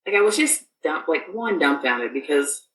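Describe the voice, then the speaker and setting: Low-voiced woman telling her story. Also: sing-song, moderate pace, a bit bright, roomy sound, recorded from a distance, a little hiss or hum, rough recording. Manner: rambling, full of fillers and restarts. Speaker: podcast guest. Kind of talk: casual storytelling.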